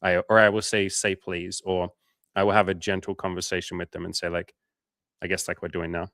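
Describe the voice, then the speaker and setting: A low-voiced man coaching on dating hosts a casual livestream, reading out viewer comments and responding with blunt, profane, frank advice. His delivery is flat and brisk with a fairly bright tone, recorded dry and close with no room echo.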